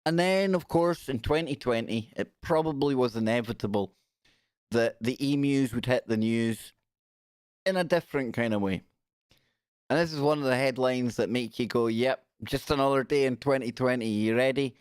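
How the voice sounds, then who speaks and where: A man's voice: mid-range voice, moderate pace, a little mellow, no room sound, studio quality. A man hosting a casual live stream, chatty and jokey, giggling as he reads out news. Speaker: radio show host.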